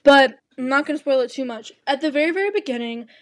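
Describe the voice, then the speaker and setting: A young woman with a high voice talks in a casual podcast chat, animated and gushing, with quick asides. Her voice sits dry and close, with little room sound around it. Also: no room sound. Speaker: podcast co-host.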